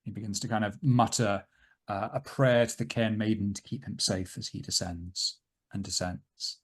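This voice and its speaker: A man running a tabletop game as game master. He narrates scenes slowly and dramatically. His voice sits somewhat low. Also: fairly even intonation, slightly rough. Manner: slow, dramatic descriptive narration.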